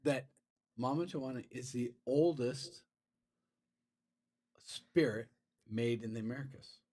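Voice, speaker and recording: A man's voice: medium pitch, takes it slowly, warm tone. A man co-hosting a podcast in casual chat, rambling through a story with many restarts and fillers. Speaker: podcast co-host.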